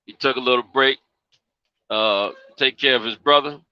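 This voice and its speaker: A man's voice: medium pitch, normal speed, clean tone, dry recording, muffled recording. A man with a Southern accent hosting a casual live stream, talking in a drawling, folksy way full of slang. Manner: laid-back, drawling, folksy slang with frequent "you dig".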